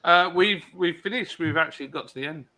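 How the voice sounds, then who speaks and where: A man joining a livestream over a video call, animated and joking, showing off a gadget to the others. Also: on the high side, brisk. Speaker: livestream guest. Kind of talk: casual chat.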